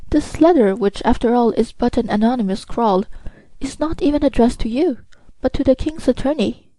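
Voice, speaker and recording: A woman voicing an earnest young bride-to-be who pleads softly for mercy, in a storybook reading. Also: fairly high pitch, normal speed, no room sound, natural voice, low-quality recording. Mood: pleading. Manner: soft, pleading.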